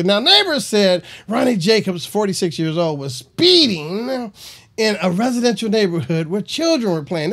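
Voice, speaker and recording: A comedian hosting his own show, riffing on a news story in a loose, rambling way. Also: high voice. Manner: animated, rambling with fillers. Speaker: comedian host.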